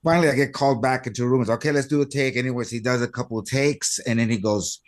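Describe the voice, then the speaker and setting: A middle-aged man, an audio engineer, telling a lively anecdote and acting out the voices of the people in it. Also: medium pitch, rapid-fire. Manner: animated, acts out quoted voices. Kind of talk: storytelling anecdote.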